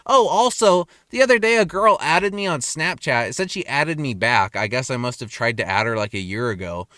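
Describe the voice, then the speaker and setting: A young man rambling in a casual rant, crude and self-mocking, his pitch jumping up and down. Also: expressive, a little fast, bright, forceful tone, no echo. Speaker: vlogger. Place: car in a parking lot at night.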